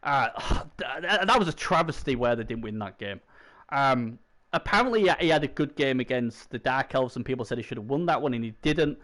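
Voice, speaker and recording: A man's voice: medium pitch, expressive, a little fast, fairly bright tone. A man co-hosting a casual gaming league chat, rambling with many fillers and restarts. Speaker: co-host.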